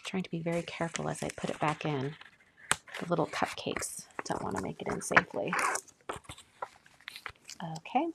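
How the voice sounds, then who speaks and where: A chatty woman with a lilt hosts a live stream in a fairly low voice. She gushes over what she is showing and keeps slipping into soft, breathy whispers between bright exclamations. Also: normal speed, long pauses, heavy background noise. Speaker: card-making channel host. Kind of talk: casual live-stream chat.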